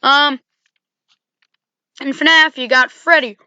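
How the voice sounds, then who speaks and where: Woman chatting about games, bright higher voice, dull dry lo-fi mic. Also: measured pace, dry recording. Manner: rambling, full of "you know" and self-corrections. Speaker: video game commentator. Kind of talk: casual game commentary.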